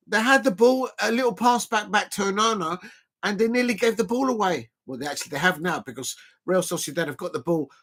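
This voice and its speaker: Male watch-along host, bright and forward, chatty, erupts into shouts on big plays. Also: high-pitched. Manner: chatty and excitable, breaks into shouting at big moments; exercising between remarks, counting out reps. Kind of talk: casual live football watch-along commentary.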